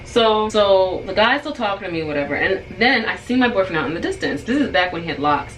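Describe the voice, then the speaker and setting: A woman's voice: mid-range voice, expressive, a little fast. A young woman vlogger casually telling a story while doing her hair, rambling and peppering her talk with "like". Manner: chatty, rambling, full of "like". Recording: roomy room with faint noise.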